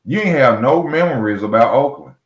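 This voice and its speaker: In a heated solo boxing rant, a commentary host talks animatedly and fairly quickly in a mid-range voice, mocking and blunt, repeating himself and calling fighters out directly. The sound is reverberant with the highs cut off.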